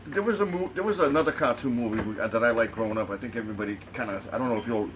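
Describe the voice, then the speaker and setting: A man's voice: medium pitch, very fast. A middle-aged man, chatting casually as a podcast co-host, profane and reminiscing. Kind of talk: casual chat. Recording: slightly distant mic, faint noise.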